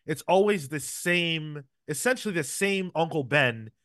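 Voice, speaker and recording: Animated male podcast host, dry sound. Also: fairly high pitch, measured pace, no echo. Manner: animated retelling with acted-out quotes. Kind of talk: casual comic book review chat.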